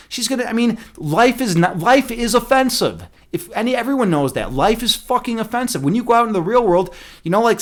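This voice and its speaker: A man with a slightly high voice tells a story in a loose, rambling rant. He swears freely, restarts his sentences and fills them with "right?" and "like", and he sounds animated throughout. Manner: profane, animated, many fillers and restarts. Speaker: streamer.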